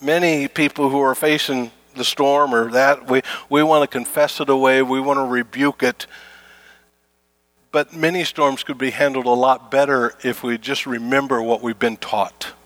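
A man's voice: mid-range voice, fairly even intonation, normal speed, a bit bright, dry recording. A middle-aged man preaching a conversational sermon to his congregation, repeating his key phrases and acting out everyday complaints. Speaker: pastor.

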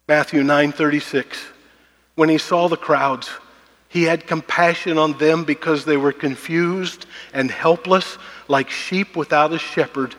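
A pastor preaching a sermon, with emphatic repetition and a slowdown on key phrases. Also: male voice, a little high, steady tone, fairly bright tone. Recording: long hall reverb.

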